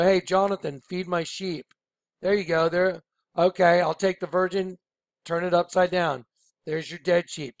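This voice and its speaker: A man's voice: fairly high pitch, creaky, dry recording, clean studio sound. A man talking casually and emphatically over on-screen images, rambling and repeating his points. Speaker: online video presenter.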